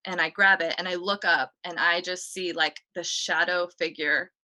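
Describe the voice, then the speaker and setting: Appearing as a talk show guest, a woman recounts a ghost story at normal speed with fairly even intonation. Her voice is lower-pitched yet bright and forward, and her chatty, casual delivery is full of "like" and "you know."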